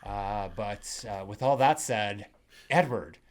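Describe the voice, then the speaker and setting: A man's voice: on the low side, slow pace, a little hiss or hum. A man hosting a horror film podcast, chatting casually and rambling with many fillers. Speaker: podcast host. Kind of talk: casual chat.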